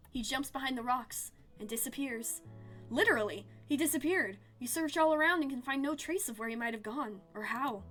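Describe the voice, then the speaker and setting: A woman streamer reading a narrative game aloud in an expressive, storytelling way. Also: on the high side.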